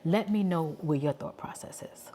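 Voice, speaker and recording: Forties woman, New York accent, deep-set low voice; casual, candid vlogger talk. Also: normal speed. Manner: chatty, candid, thinking out loud.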